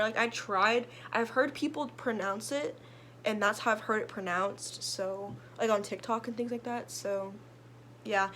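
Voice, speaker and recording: A woman's voice: fairly high pitch, fairly bright tone, slight background noise. A young woman, a book vlogger, chatting casually about her reading list in a rambling way full of fillers and restarts. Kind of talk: casual chat.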